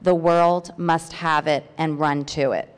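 A woman's voice: sits low, steady tone, slow, clean tone. Earnest woman reading aloud in reverberant hall. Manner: earnest, heartfelt, with hesitant fillers. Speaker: church member sharing a testimony. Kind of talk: reading a personal testimony aloud.

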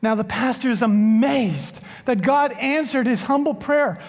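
Male pastor, slow joking sermon delivery, long church reverb. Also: very high voice. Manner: unhurried, joking storyteller.

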